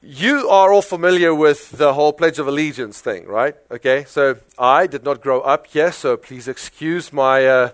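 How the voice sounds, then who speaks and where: Man, South African accent, pastor, conversational sermon, somewhat high voice, dry sound. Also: moderate pace, hardly any pauses, no room sound. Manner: conversational, animated preaching with rhetorical questions.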